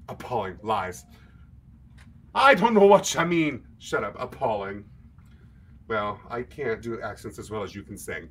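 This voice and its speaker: A man's voice: medium pitch, a bit bright, a little hiss or hum. A man hosting a livestream, chatting casually with viewers between show tunes and joking about himself. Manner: self-mocking, joking, chatty asides to viewers. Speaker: livestream singer and host.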